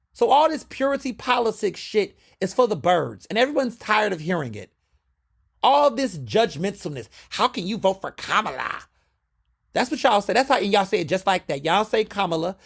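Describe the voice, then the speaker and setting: A man's voice: sits high, creaky. A man hosting a podcast, delivering a fiery, profane political monologue. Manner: fiery, profane, lively and emphatic. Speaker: podcast host.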